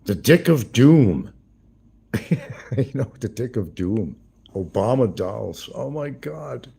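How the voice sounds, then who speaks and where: A man talks low and husky, his pitch swinging up and down a lot as he rambles. He gossips crudely, swearing and chuckling as he goes, like a casual livestream host chatting to viewers. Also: very animated, slow pace, dark tone.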